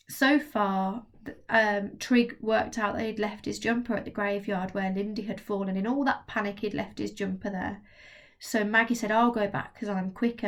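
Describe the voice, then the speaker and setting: A woman teacher reading a chapter book aloud to her class, then recapping it. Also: mid-range voice. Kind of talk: storybook read-aloud with recap.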